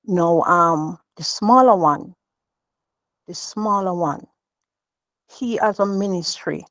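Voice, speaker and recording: A woman's voice: lowish voice, slow pace, a bit bright, no room sound. Earnest mother giving testimony. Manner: earnest, repetitive, emotional, with many restarts. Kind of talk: devotional testimony. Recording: dull, dry lo-fi sound.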